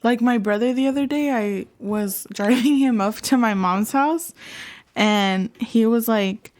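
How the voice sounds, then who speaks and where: A woman's voice: on the high side, unhurried. A young woman co-hosting a podcast, telling stories in a candid, profane, casual way. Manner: candid, profane, animated storytelling. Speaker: podcast co-host. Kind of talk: casual chat.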